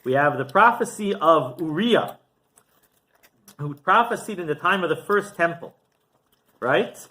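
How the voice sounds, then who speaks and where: A rabbi giving a storytelling sermon, animated and often asking rhetorical questions. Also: male voice, a little high, a little slow.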